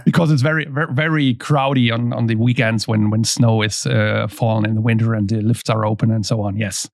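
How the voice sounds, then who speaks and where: A man with a German accent hosting a podcast, speaking English as a second language in a friendly, halting way with many fillers and restarts. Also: on the low side, fairly even intonation, no echo, clean studio sound. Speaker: podcast host. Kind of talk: casual interview chat.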